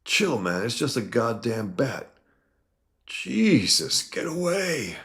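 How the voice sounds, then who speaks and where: A man's voice: deep voice, animated, a little fast. A man voicing a brutal young male street gang thug who talks in menacing slang. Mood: shouting.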